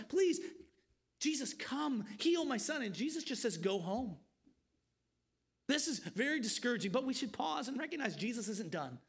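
A man's voice: high-pitched, gravelly, slightly rough. A man preaching an expository sermon, earnest and pleading, asking his listeners questions.

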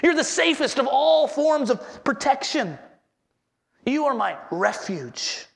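A man's voice: very high-pitched, very animated, slow, gravelly. A man preaching a sermon as pastor, earnestly repeating his headings and asking the congregation questions.

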